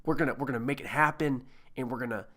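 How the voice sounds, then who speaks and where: A man doing a mocking impression of a mumbling, intense male actor, half-whispered and rushed. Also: mid-range voice, bright, forceful tone. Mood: pumped-up.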